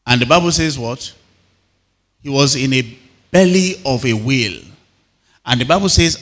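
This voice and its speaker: Brief: Nigerian male pastor, bright forceful voice, engaging congregation with frequent questions, long hall reverb. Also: mid-range voice, normal speed, long pauses. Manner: call-and-response questions to the congregation. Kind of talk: sermon.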